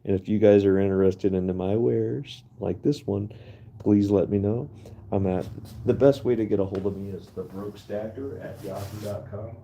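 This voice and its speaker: A low, gravelly man talks his viewers through his work in a chatty, easygoing way, calling them guys and laughing often. His voice is dark and mellow and going hoarse from the night cold. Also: fairly even intonation, normal speed. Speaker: livestream host. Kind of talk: casual live-stream commentary.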